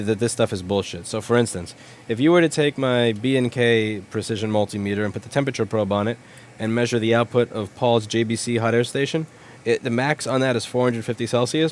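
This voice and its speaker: Brief: young male streamer, mid-pitched, blunt and profane, rambling chat with faint noise behind. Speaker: livestream host, repair shop owner. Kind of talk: casual livestream chat answering viewers.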